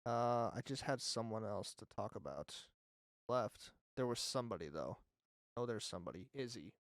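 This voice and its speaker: A man's voice: on the low side, lively intonation, moderate pace, no echo, clean studio sound. A man co-hosting a casual fan podcast, chatty and filler-heavy, laughing often. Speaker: podcast co-host.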